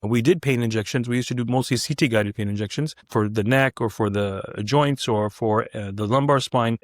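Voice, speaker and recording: A middle-aged man, a physician guest in an interview, telling stories in a casual, animated way with many restarts. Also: medium pitch, moderate pace, no room sound, studio quality. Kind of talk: casual anecdotal storytelling.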